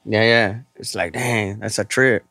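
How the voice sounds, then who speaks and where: A man's voice: on the low side, steady tone, unhurried, bright, forceful tone, dry recording, studio quality. A man, hosting a casual podcast chat in a laid-back, slang-heavy way. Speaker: podcast host.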